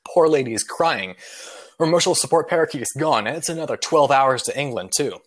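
A man's voice: medium pitch, lively intonation, fast. A man with a mid-range voice hosting a casual podcast, winding through a long joke with plenty of filler words. His delivery is loose and rambling, peppered with swearing, as he chats with his co-host.

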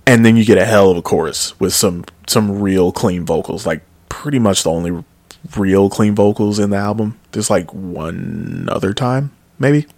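A man with a deep, low voice talks through a music review in a loose, rambling way, full of fillers and self-corrections. He sounds enthusiastic about the music. The sound is dry and close, with no room echo. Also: moderate pace, creaky, a little mellow. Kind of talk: casual album review.

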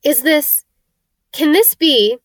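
Old bartender in awe, breathless and high, voiced by a woman, dry read. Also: takes it slowly, no room sound. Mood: awestruck. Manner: breathless, reverent. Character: old bald male bartender, overcome with awe.

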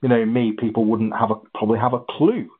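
This interview guest, an ultra runner, recounts his experiences in a husky voice of medium pitch. His lively telling is full of halting restarts, and the audio has a tinny, telephone quality.

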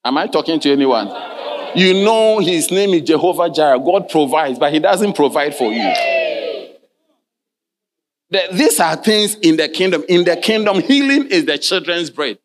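A male pastor preaching in church, his voice sitting a little high for a man. He reads scripture in archaic King James wording and keeps calling "Hallelujah" and asking his listeners questions. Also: lively intonation, moderate pace, some chatter behind. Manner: preaching, punctuated by frequent "Hallelujah" and direct questions to the congregation. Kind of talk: sermon.

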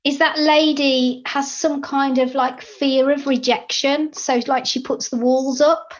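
A woman's voice: high voice, flat delivery, measured pace, highs cut off. A woman in a casual chat who reflects on what she hears and encourages the other speaker.

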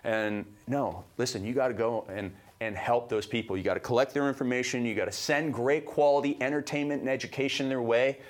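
High-energy motivational man from Canada. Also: brisk, few pauses. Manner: high-energy, emphatic, fired-up delivery. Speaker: podcast co-host. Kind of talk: motivational podcast talk.

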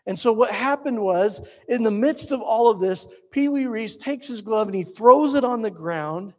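A man preaching a sermon, telling the story quickly and then dropping to slow, hushed lines. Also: high-pitched, animated. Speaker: pastor.

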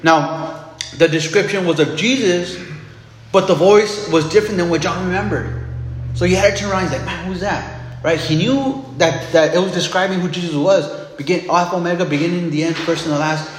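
Preaching man with a higher voice in an echoey hall. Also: fairly quick, a little hiss or hum. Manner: conversational, fillers and repeated restarts. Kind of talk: sermon.

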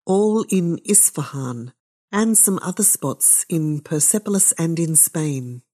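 A woman reads a novel aloud for her podcast, then adds her own remarks. Her voice is low and mellow with a dark warmth. She takes her time, every line measured and unhurried. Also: lively intonation. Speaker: podcast host and reader. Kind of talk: reading a novel aloud with commentary.

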